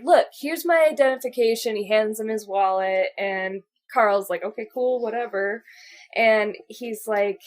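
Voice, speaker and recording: A woman co-hosting a casual movie podcast, retelling scenes and acting out the characters' lines in quick asides. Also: medium pitch. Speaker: podcast co-host. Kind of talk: casual movie recap chat.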